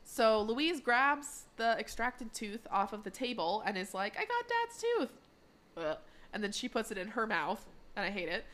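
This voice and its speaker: A woman's voice: mid-range voice, normal speed, few pauses. A woman co-hosting a podcast, retelling a cartoon episode in casual chat and acting out the lines. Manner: animated retelling, acting out quotes. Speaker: podcast co-host recapping an episode.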